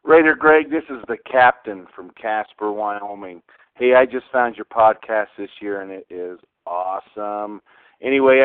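Enthusiastic male caller with a smooth voice. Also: medium pitch, no echo. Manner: enthusiastic fan talk. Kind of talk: phoned-in voicemail to a fan show. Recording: tinny phone line.

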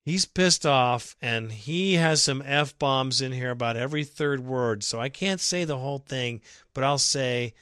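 A man's voice: mid-range voice, unhurried, few pauses, a bit bright, clear, resonant tone, no room sound, clean studio sound. A man hosting a fan podcast, reading listener messages and ranting about his team's loss, sarcastic and exasperated, sometimes breaking into laughter.

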